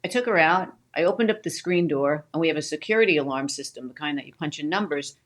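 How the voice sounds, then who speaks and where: A woman co-hosting a casual talk show, telling an animated story about her own mishap and acting out her own cries. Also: sits low, fast talker. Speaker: co-host, wife of the host.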